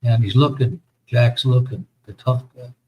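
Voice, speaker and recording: A man's voice: mid-range voice, fairly even intonation, a little slow, slightly rough, muffled recording. A middle-aged man from the United States, hosting a casual chat and telling long, profane army stories with many fillers. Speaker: host.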